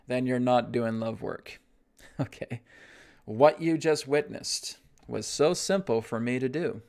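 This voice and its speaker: A man teaching a spiritual self-help lesson, guiding breathing in a slow, soothing way and often checking in with "right?". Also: mid-range voice, fairly even intonation. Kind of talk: guided self-help talk.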